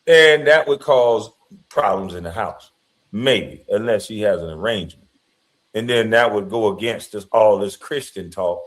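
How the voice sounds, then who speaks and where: A man's voice: lowish voice, lively intonation, moderate pace. A man giving casual commentary in a blunt, preachy, moralizing way.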